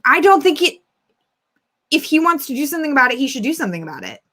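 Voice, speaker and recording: A woman's voice: sits high, big pitch swings, quick pace, a bit bright. A woman hosting a casual comedic advice show over a video call, blunt and emphatic, swearing casually as she gives advice.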